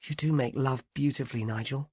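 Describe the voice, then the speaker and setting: Soft, hushed young woman, read by a man. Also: mid-range voice, fairly even intonation, brisk, husky, no echo, lightly acted. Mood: tender.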